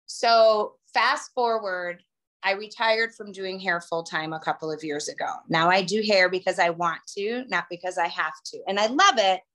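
A woman's voice: mid-range voice, normal speed, fairly bright tone. A middle-aged woman telling her personal story to a group, chatty and emotional. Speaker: guest speaker.

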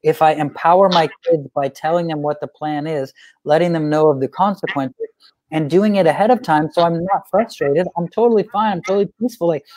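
A man teaching about parenting in a conversational way, an animated storyteller who repeats phrases for emphasis. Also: on the high side, a little fast, no echo. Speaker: guest speaker on parenting.

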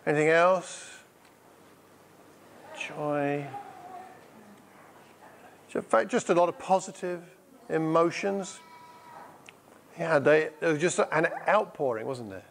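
A man's voice: on the high side, takes it slowly, gravelly, pauses often, slight background noise. A middle-aged man preaching in church, asking the congregation questions and telling a story with energy. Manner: lively storytelling, repeats answers back. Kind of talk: sermon with audience questions. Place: church hall.

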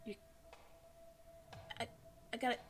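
A woman's voice: takes it slowly, a little hiss or hum. A woman hosting a gaming channel, nervously talking to herself as she plays through a horror game. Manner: nervous, talks to herself while playing. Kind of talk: let's play commentary.

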